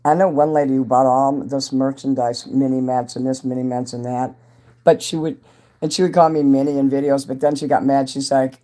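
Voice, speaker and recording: A man hosts his own livestream, chatting loosely and greeting viewers as they come in. His voice is mellow and a little dark. He rambles from topic to topic in an offhand, casual way. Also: medium pitch, fairly even intonation, a little fast. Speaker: entertainer hosting a livestream.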